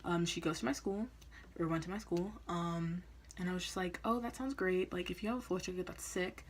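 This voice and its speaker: A woman's voice: fairly low pitch, fairly quick, a little hiss or hum. Chatty young woman telling a story. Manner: chatty, laughing, acts out quoted lines. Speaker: vlogger. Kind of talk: casual storytime vlog.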